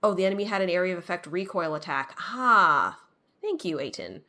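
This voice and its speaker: A woman's voice: lowish voice, fast talker. A woman casually commenting on a video game she is playing, muttering to herself in a rueful, chatty way. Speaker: game streamer. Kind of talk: casual let's-play commentary.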